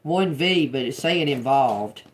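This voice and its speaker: A woman on a casual livestream, slowly reading out and repeating words one by one. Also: very deep voice, animated, slight background noise. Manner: slow, drawn-out, repeats words as she reads them. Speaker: tarot reader on a livestream.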